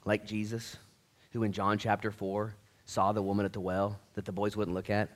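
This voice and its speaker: Fervent low-voiced male pastor. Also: flat delivery, normal speed. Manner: fervent, swings from quiet reflection to loud rallying; conversational, with restarts and folksy asides. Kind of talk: sermon. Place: church.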